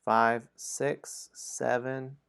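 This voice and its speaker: A man's voice: mid-range voice, extremely slow, vocal fry, clear, resonant tone. A man streaming a dice game, chatting casually with viewers, reading out story passages and chuckling often. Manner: relaxed, chuckles often between lines.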